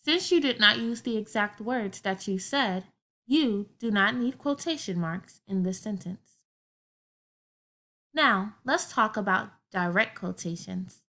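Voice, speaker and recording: A woman's voice: medium pitch, slow, sharp tone. A woman teaching a grammar lesson to children, explaining patiently step by step with everyday examples.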